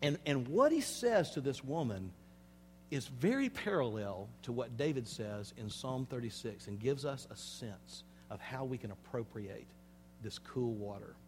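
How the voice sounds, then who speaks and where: A male pastor delivering a sermon, swinging between hushed, slow passages and loud, emphatic preaching, and speaking straight to the congregation with rhetorical questions. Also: mid-range voice, lively intonation, a little hiss or hum. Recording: long hall reverb.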